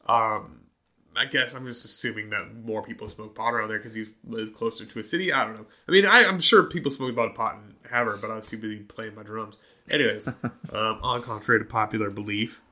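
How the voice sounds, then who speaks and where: A man from Montana hosting a podcast, casually telling a lively story and acting out the voices of people in it. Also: on the low side, fairly quick. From Montana, USA. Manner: animated, acts out quoted voices in his stories. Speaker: podcast host.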